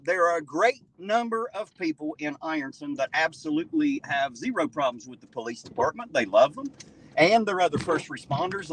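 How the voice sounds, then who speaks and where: A man's voice: fairly high pitch, fairly bright tone, far from the mic, slight background noise, low-quality recording. A man hosting a live stream, chatting casually, crude and mocking, swearing freely. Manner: profane, crude, mocking, joking. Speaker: livestream host. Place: outdoors at night, riding in a vehicle.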